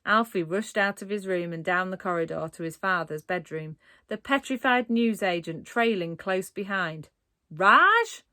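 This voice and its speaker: On clean studio audio with no echo, a woman with a lowish voice reads a children's storybook aloud at normal speed. Her delivery is dramatic and expressive, sprinkled with playful asides.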